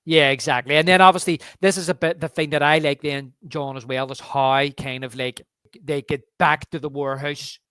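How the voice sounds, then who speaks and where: A man's voice: a little high, fairly even intonation, normal speed, a bit bright, smooth, dry recording, studio quality. A man co-hosting a podcast, chatting casually about a film and retelling favourite scenes with relish. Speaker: podcast co-host.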